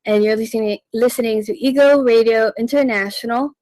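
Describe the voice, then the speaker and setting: A woman hosting a radio language lesson, teaching slowly and patiently and repeating each phrase. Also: on the high side, steady tone, darkish tone, no room sound, poor audio. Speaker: radio language segment host. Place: radio studio.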